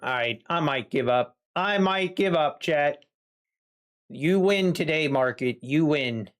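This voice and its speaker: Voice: mid-range voice, expressive, slow pace. A day trader talking to a live-stream chat, muttering exasperated complaints and playful teasing.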